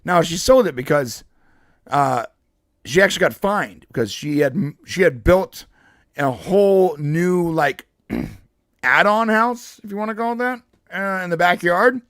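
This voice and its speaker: A man with a fairly high voice recounts a story in a loose, rambling way, stumbling over restarts and breaking into laughs. The sound is dry and close, with no room around it. It is casual podcast chat among co-hosts. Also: expressive, a little slow, fairly bright tone, no echo. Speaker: podcast co-host.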